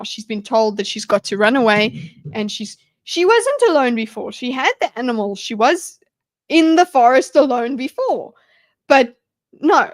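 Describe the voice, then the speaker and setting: A young woman hosting a live stream. She talks in a rambling, enthusiastic way, with lots of restarts and fillers. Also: fairly high pitch. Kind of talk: casual live-stream commentary.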